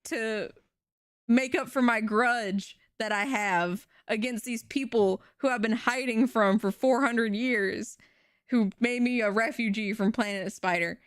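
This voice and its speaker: A woman voicing a grudge-bearing male alien refugee, urgent and commanding, in her own high voice. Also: a little slow, smooth, no echo, clean studio sound, lightly acted.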